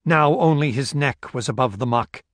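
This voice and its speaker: Measured male audiobook narrator, dry. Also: mid-range voice, no echo. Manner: steady, measured storytelling with voiced dialogue. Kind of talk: scripted narration.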